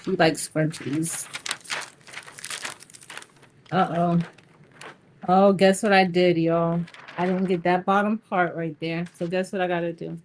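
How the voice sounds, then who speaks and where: A woman's voice: lowish voice, little pitch movement, slow, long pauses, slight background noise. A middle-aged woman hosting a crafting livestream, chatting casually with viewers while she works. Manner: chatty, storytelling, talks to viewers as y'all.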